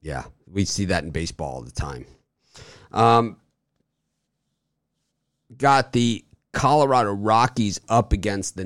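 A man hosting a sports betting show, chatting casually about baseball picks and telling stories with animated bursts that trail off low. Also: dry recording, studio quality.

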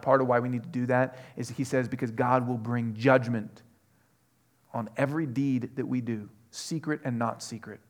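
A man preaching a sermon, earnest, moving from quiet questions to loud, emphatic passages. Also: medium pitch. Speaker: pastor.

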